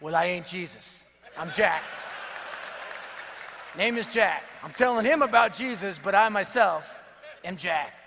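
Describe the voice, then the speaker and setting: A hulking tattooed bodybuilder growls his warnings, blunt and in your face, as a man acts him out. The voice drops lower and heavier than an everyday speaking voice. A long hall reverb trails each line. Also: lively intonation, a little slow, long pauses, pushed and bright, a faint crowd, a little hiss or hum, exaggerated voice. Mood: gruff. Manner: gruff, threatening, in-your-face. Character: tough tattooed bodybuilder uncle, gruff brawler.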